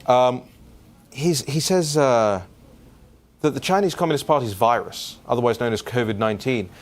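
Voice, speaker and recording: A male talk show host in an offhand, mocking monologue. His voice sits at an ordinary middle pitch but keeps leaping upward when he gets worked up, padded with ums and restarts. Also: moderate pace. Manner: casual and scornful, with fillers and sudden pitch jumps. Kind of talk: opinion talk show monologue, answering listener questions.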